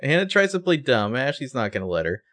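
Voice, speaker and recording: A man co-hosting a podcast, retelling scenes with wry, animated asides in casual chat. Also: medium pitch, fast. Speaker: podcast co-host.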